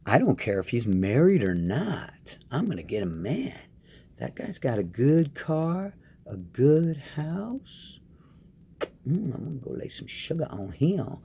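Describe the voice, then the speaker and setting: A scheming woman, as a man puts her on, purrs her plans in a low, soft, sultry voice. The delivery is hushed and lively in its rises and falls. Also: gravelly, slightly rough, full character voice.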